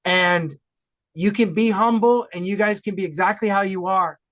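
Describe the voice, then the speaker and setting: A man from Ontario, Canada, talking enthusiastically and loudly as a guest in a casual podcast chat. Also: high-pitched, moderate pace. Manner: enthusiastic, animated, loud talker.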